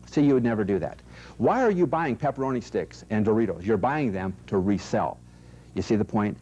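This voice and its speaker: A man in middle age leads an investment seminar, pressing each point home and repeating it with rhetorical questions. His voice is warm and slightly husky. The sound is dull and lo-fi, like a tape from an old VHS. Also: on the low side, animated, a little fast. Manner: emphatic, repetitive, rhetorical questions to the audience. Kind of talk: recorded seminar talk.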